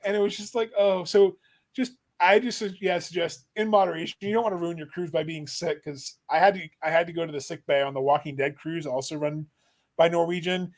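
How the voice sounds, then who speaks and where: A man's voice: fairly high pitch, steady tone, brisk. A man in casual podcast chat who laughs often and tells stories with a supportive tone.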